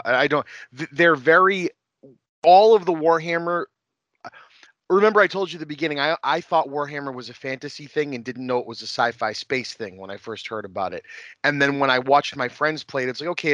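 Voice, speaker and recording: A man chatting casually as a podcast guest, animated and joking, swearing freely. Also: mid-range voice, dry recording.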